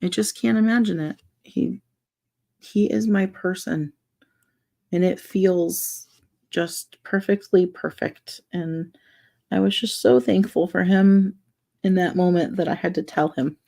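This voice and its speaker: Slow, gravelly-voiced woman chatting while crafting. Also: fairly low pitch, fairly even intonation. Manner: rambling, soft-spoken, frequent fillers and restarts. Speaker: vlogger building a wooden puzzle. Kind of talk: casual chat while crafting.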